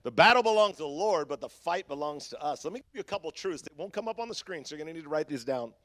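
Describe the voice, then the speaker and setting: A man preaching a sermon as pastor, swinging between loud bursts and hushed lines in a chatty way. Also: fairly high pitch, animated, fast, no room sound. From Southern California. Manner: swings from shouting to hushed, conversational with fillers.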